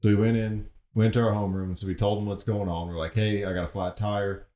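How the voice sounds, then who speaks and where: A young man with a low, mellow voice tells a story at an easy, unhurried pace. His voice sits deep and relaxed. The sound carries a noticeable room echo. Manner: laid-back storytelling, quoting others in an even voice. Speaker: podcast co-host. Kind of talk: casual chat. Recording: echoey room.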